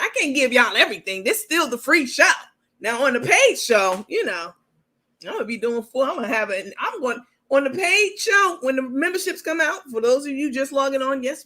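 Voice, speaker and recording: Woman host, sassy livestream banter with viewers, bright forceful voice. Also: mid-range voice. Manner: sassy, joking, talks straight to viewers. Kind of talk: casual live-stream commentary.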